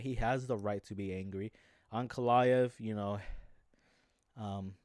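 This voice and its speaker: A man's voice: medium pitch, a little mellow, dry recording. Rambling casual man, dry close mic. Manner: rambling, restarts and filler-heavy. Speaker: MMA commentary YouTuber. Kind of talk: casual talk.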